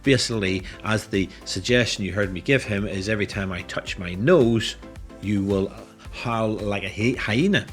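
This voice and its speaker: A man's voice: lowish voice, normal speed, faint music behind. A middle-aged man, a hypnotist, talking through a tutorial in a casual, explanatory way. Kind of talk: tutorial commentary.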